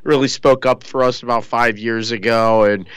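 A man's voice: medium pitch, steady tone, normal speed, smooth, no echo, poor audio. A man co-hosting a sports talk radio show, chatting casually and rambling with lots of fillers. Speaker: co-host.

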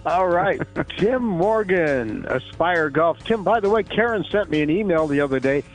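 A man's voice: fairly high pitch, expressive, moderate pace, soft background music, poor audio. A man hosting a sports radio show, chatting casually with stammering restarts and easy laughs. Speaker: radio host. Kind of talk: radio interview.

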